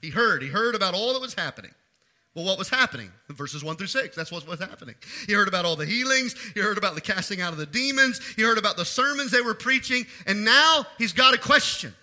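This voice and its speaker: High, bright-voiced preacher man. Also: lively intonation, fast talker. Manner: emphatic, repeats phrases for stress. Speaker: pastor. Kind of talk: sermon.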